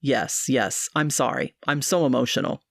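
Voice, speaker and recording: A soft, emotional young man, as a woman puts him on, speaking low and courteously. His voice sits deep and hushed. The sound is dry and close. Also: normal speed, creaky, no echo, exaggerated voice. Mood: tender.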